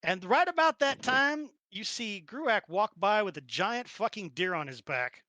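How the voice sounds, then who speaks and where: A woman narrating as dungeon master, casual with quick asides and laughter. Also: mid-range voice, lively intonation, sharp tone, dry recording. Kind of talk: narrating a tabletop game.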